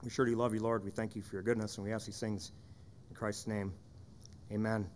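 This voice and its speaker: A man's voice: lowish voice, flat delivery, brisk, a little mellow, slight background noise. A man serving as pastor, delivering a sermon in an earnest, conversational way with frequent rhetorical questions.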